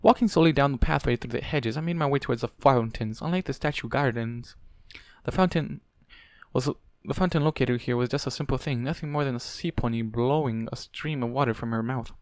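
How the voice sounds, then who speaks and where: A man's voice: mid-range voice, brisk, dry recording, clean studio sound. A man casually reading a fanfic aloud, often stumbling and correcting himself as he goes. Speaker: fanfic reader.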